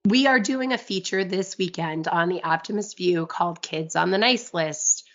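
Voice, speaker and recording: A woman in her thirties co-hosting a podcast in casual chat, a little husky from a cold, chatty and upbeat. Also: on the low side, normal speed, fairly bright tone, highs cut off. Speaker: podcast co-host.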